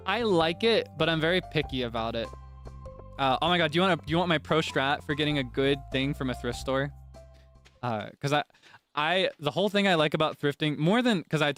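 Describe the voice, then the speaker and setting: A man's voice: fairly high pitch, a bit bright. Chatty young man streaming with laughter. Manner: chatty, laughs often, dramatic outbursts of frustration. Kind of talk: casual gameplay chat.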